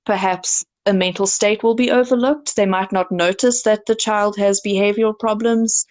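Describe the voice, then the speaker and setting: A South African woman co-hosts a podcast, chatting casually in a mid-range voice at normal speed with fairly even intonation. She explains things at length and earnestly, using lots of fillers.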